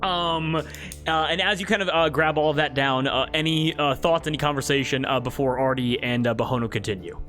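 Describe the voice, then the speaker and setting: A man's voice: fairly high pitch, a little fast, faint music behind. Laid-back young man game master. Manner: relaxed, filler-heavy narration. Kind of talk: narrating a tabletop game.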